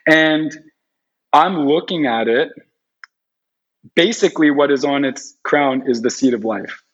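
Husky man telling a rambling story. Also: fairly high pitch, a little slow, fairly bright tone. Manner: rambling, heavy use of "like" fillers. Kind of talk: animated storytelling. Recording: dull lo-fi recording.

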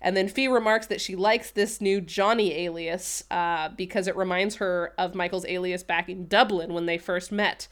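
A woman's voice: on the low side, steady tone, moderate pace, hardly any pauses. A woman co-hosting a podcast, chatting casually, filling her talk with "like" and laughing easily. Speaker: podcast co-host recapping a TV show. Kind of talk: casual chat.

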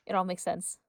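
A woman's voice: medium pitch, creaky, dark tone, dry recording. A woman co-host chatting casually and trading playful, giggly asides. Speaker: podcast co-host. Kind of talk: casual chat.

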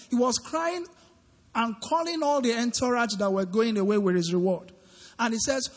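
A man's voice: very high voice, normal speed. A man preaching an interactive midweek sermon into a microphone, often asking the congregation questions and waiting for their answers. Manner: questioning the congregation, call-and-response. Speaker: preacher leading a midweek Bible study. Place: large church hall. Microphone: handheld microphone. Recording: long church-hall reverb.

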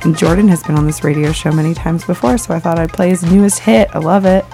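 A man hosting a music radio show from a studio, talking in a chatty, bubbly way and quick to laugh. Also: on the high side, fairly even intonation, creaky, mellow. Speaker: radio DJ host. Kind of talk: casual radio chat.

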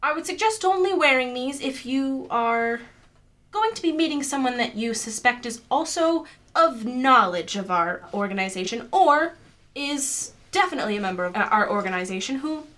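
A woman's voice: high-pitched, animated, normal speed, a bit bright, pitched above the performer's own voice. A woman voicing a polite, fussy female temple scholar who talks in prim, apologetic reassurances and stammers a little. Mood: formal.

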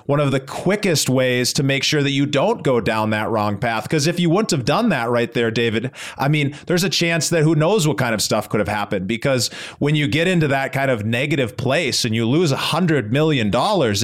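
A man's voice: mid-range voice, lively intonation, moderate pace. A man hosting a podcast, replying to his guest in an earnest, sympathetic way and thinking aloud. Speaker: podcast host. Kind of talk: reflective interview reply.

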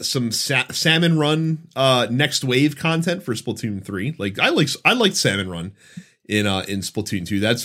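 A man's voice: fairly low pitch, a bit bright. A man hosting a casual gaming podcast, asking his co-host questions and laughing easily. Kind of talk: casual chat.

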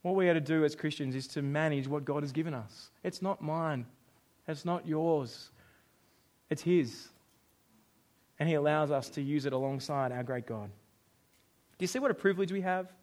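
Animated Australian male preacher, high voice. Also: a little fast. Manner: jokey, animated, acts out quoted voices. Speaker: pastor. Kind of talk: sermon.

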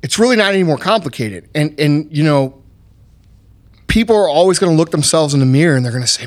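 A man hosting a motivational podcast who talks bluntly and swears freely. His voice sits a little high for a man. He hammers each point home with force. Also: animated, brisk. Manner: blunt, profane, emphatic. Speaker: podcast host.

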